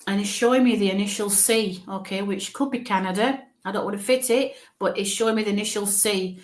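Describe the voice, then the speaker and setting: A woman's voice: medium pitch, fairly quick, reverberant. A woman giving a live mediumship reading as a psychic medium, thinking aloud with frequent halts and restarts.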